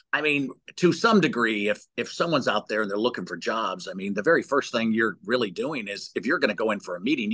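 A man telling lively stories as an interview guest, with many restarts and repeated words. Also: lowish voice, dry recording. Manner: animated storyteller with many restarts. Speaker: executive search guest. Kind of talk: storytelling interview answers.

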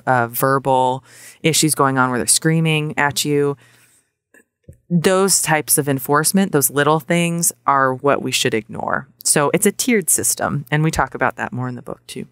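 A woman's voice: very deep voice, a bit bright, clean tone, dry recording, studio quality. A woman psychologist, a guest on a podcast, explaining parenting at length with many fillers and restarts. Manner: explanatory, full of fillers and self-corrections. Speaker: child psychologist and book author. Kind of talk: podcast interview answer.

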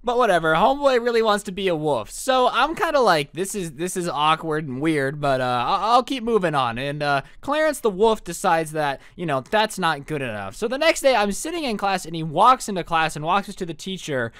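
A man's voice: sits high, sing-song, fairly quick, few pauses, fairly bright tone, clean tone, dry recording, studio quality. A young man telling a storytime vlog, with a joking, sarcastic manner. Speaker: storytime YouTuber.

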